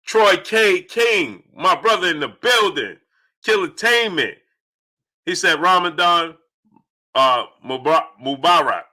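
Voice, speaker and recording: A man hosts a live stream in a loose, animated chat style, calling out viewers' names in quick succession. His voice is fairly high and very bright, with a forceful, cutting edge. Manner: animated, shouts out chat names rapid-fire.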